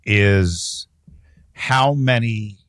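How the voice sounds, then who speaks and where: A man co-hosting a movie podcast, joking around and talking with animated energy. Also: lowish voice, very slow, dry recording, studio quality. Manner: animated, jokey, acts out voices. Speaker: podcast co-host. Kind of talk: casual movie discussion.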